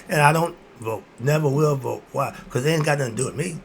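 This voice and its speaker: A man's voice: medium pitch, fast, creaky, hardly any pauses, slight background noise. A man in his sixties hosting his own video, ranting bluntly and answering his own rhetorical questions. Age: 60s. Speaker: video host. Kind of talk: ranting monologue.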